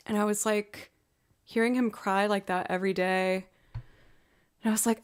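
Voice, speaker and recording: A young woman chatting casually on her livestream, full of "like" and filler, now and then slipping into soft baby talk. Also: medium pitch, steady tone, moderate pace, pauses often, clean tone. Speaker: livestreaming musician.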